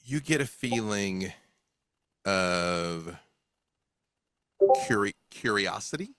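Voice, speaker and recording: A man's voice: lowish voice, expressive, takes it slowly, sharp tone, dry recording, clean studio sound. A man running a tabletop role-playing game as game master, checking rules and describing scenes over a video call. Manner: explains rules, checks details aloud.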